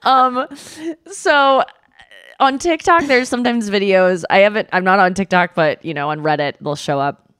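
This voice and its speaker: A woman's voice: mid-range voice, moderate pace, a bit bright, clear, resonant tone, no echo, clean studio sound. A young woman hosting a podcast, telling stories in casual chat with many fillers and an emotional tone. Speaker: podcast host.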